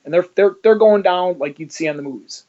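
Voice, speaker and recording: A man's voice: sits high, fairly quick, dark tone. A man telling his story as a guest in casual, blunt talk, swearing freely and acting out the dialogue he quotes. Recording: dull lo-fi audio.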